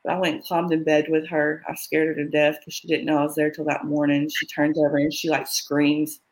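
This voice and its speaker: A woman sharing her own story in an interview, candid and halting, with many fillers and quoted dialogue. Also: deep voice, completely flat delivery, rough recording. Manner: often quotes others in dialogue. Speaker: interview guest. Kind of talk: personal story in conversation.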